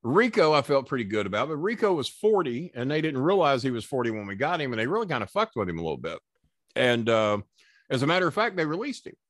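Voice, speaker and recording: Older man, guest on a wrestling podcast, rambling storyteller, swears freely, average pitch, dead dry sound. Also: very animated, fast, a bit bright, no room sound. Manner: rambling, profane, stumbling restarts. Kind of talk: casual anecdotal storytelling.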